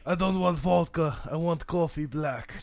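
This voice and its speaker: A man putting on a joking Russian accent as a grumpy Russian student, slow and deadpan. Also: fairly high pitch, gravelly. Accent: put-on Russian.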